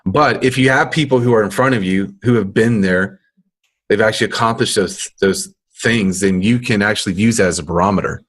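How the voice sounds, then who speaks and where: A man's voice: fairly low pitch, a little fast, fairly bright tone. A man co-hosting a business podcast, chatting casually with easygoing, teasing banter. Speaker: podcast co-host.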